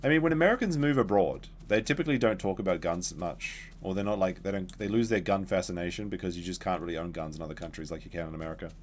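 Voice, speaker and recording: A man's voice: low-pitched, fast, hardly any pauses, a little hiss or hum. A man streaming a dinosaur game, rambling casually to his chat while he plays. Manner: rambling, chatty, talks to chat while playing. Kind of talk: casual gameplay commentary.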